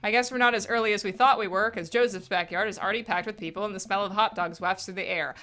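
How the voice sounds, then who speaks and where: A woman's voice: mid-range voice, fast talker, sharp tone. A woman streamer reading a dating game aloud in a playful, giggly way.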